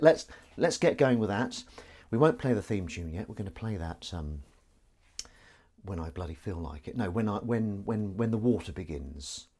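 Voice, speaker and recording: Doing the dishes at his kitchen sink on a live stream, this man rambles in a casual, jokey, self-aware way. He has a fairly low, slightly mellow voice, and clattering dishes and cutlery can be heard behind him.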